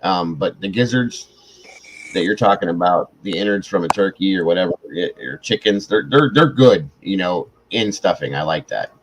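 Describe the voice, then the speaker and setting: Deep-voiced, tired, swearing livestream host. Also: male voice, expressive, normal speed, a little hiss or hum, rough recording. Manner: rambling, profane storytelling. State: tired after hours of streaming. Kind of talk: late-night casual livestream chat.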